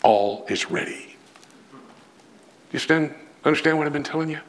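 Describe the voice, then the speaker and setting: A male preacher delivering a storytelling sermon in a dramatic, animated way with emphatic pauses. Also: on the high side.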